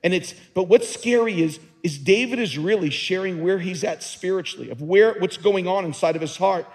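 A male pastor delivers a sermon, earnest and emphatic, doubling back on words as he drives each point home. His voice sits high and carries a husky edge. A long reverb from a large hall trails his words. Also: moderate pace, a little mellow.

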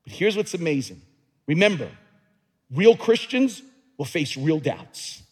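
A man pastor preaching a dramatic sermon in a church, dropping to hushed tones and climbing to shouts. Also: on the high side, breathy edge, long reverb tail.

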